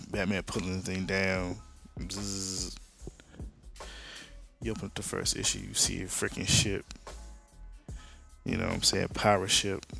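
A man's voice: sits low, vocal fry, fairly bright tone. A man hosting a podcast, retelling a comic book story in loose, slangy, laid-back talk. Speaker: podcast host. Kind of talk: casual comic-book recap.

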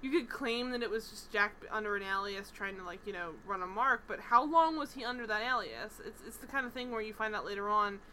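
A woman co-hosting a casual TV recap chat, animated, swearing freely and acting out characters' lines. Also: medium pitch, brisk, hardly any pauses, a little hiss or hum, low-quality recording. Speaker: podcast co-host.

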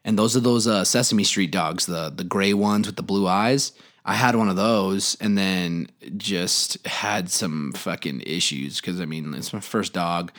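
A man's voice: deep voice, unhurried, a bit bright. Casting: man, casual podcast co-host, blunt and profane, easygoing banter. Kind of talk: casual chat.

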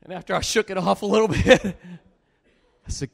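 A man preaching a sermon, telling a story with animated swings between loud bursts and low, earnest pleas. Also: moderate pace, creaky, big-room sound.

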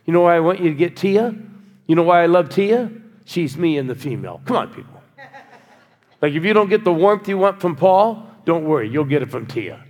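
Sixties male preacher, teasing sermon delivery, raspy timbre, reverberant church hall. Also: fairly high pitch, lively intonation, brisk, darkish tone. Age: 60s. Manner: humorous, teasing the congregation. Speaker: guest preacher.

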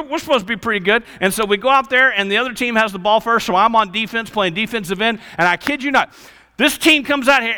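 A man preaching a sermon, telling stories in an animated, casual way. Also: sits high. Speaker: pastor. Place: church hall. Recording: reverberant church hall.

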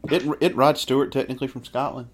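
A man co-hosting a casual music podcast, talking in a relaxed way with many fillers. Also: mid-range voice, quick pace. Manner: relaxed, filler-heavy sign-off talk. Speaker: podcast co-host.

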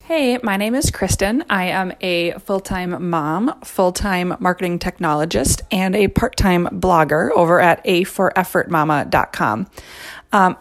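A woman in her thirties telling a self-deprecating story in a chatty way, full of "um" and "like". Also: lowish voice. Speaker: guest storyteller. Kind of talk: casual storytelling.

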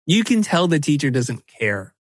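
A middle-aged man talking as a podcast guest in an animated, emphatic way, often breaking into quick quoted asides. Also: on the high side, no room sound. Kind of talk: animated conversational podcast talk.

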